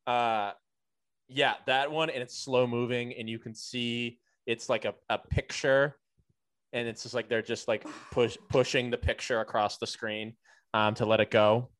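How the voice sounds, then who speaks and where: Relaxed man chatting on a dry mic. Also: mid-range voice, measured pace, dry recording. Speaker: panelist. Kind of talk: casual podcast chat.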